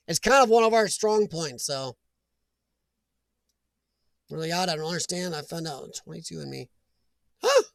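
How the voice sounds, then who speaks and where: An American man with a high, light voice rambles through a casual live chat. He drifts between stories and greets viewers from the chat as he goes. The sound is dry and close, with no room around it. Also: a little slow, creaky, pauses often, no room sound. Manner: rambling, chatty, reads chat aloud. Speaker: live stream host.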